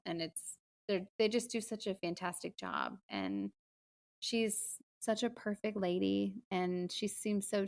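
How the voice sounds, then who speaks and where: A woman's voice: lowish voice, gravelly, a bit bright. A woman co-hosting a film podcast, speaking earnestly and emotionally about a movie. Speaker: podcast co-host. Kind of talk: casual film discussion.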